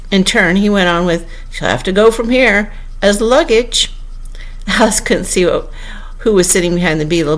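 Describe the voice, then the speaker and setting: Woman, audiobook narrator, expressive, unhurried, somewhat low voice. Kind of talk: audiobook reading.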